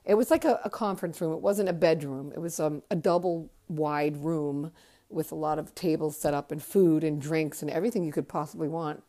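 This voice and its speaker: A woman in her fifties hosts a podcast, recounting her younger years in a loose, chatty way. Her voice is low-pitched and mellow, and she often drifts into softer, quieter passages. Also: a little fast. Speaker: podcast host. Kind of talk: casual memoir storytelling.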